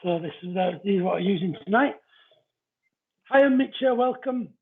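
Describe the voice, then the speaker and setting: A man's voice: high-pitched, moderate pace, gravelly, slightly rough. A man hosting a live-stream psychic card reading, chatting casually and greeting viewers by name as he explains the cards. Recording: narrow phone-like audio.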